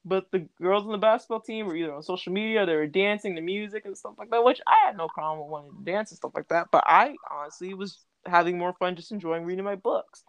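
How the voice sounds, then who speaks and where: A woman's voice: fairly low pitch, quick pace, hardly any pauses, no echo. A young adult woman talking in casual podcast chat, laughing often and using lots of fillers. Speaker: podcast co-host.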